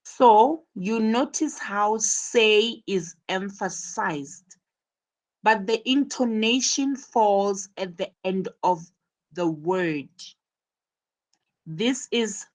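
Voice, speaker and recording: A woman teaching an English lesson online, explaining slowly and repeating her key points. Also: medium pitch.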